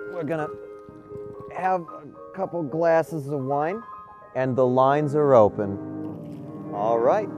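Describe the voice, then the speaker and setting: Guy doing a buzzed wine mom host, bossy advice, slow talker, piano playing behind. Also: medium pitch, close to an everyday voice. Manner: bossy, boozy advice-giving. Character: tipsy wine-mom talk show host, middle-aged woman. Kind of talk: live comedy sketch. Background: piano music.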